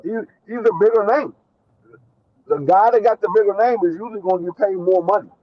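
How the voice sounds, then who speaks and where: A man's voice: high-pitched, a little fast, highs cut off. A man co-hosting a casual boxing talk show, insistent, repeating his point over and over. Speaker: boxing podcast co-host. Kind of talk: casual debate chat.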